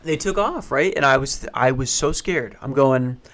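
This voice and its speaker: A man telling a funny personal story in casual, profane, animated style. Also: medium pitch. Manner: profane, animated, acts out voices, rushes when excited.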